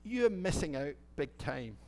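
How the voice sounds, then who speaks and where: A man's voice: a little high, big pitch swings, measured pace, darkish tone. A middle-aged Scottish man, a minister, telling a children's story in church in a chatty, playful way and asking the children questions. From Scotland. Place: church sanctuary.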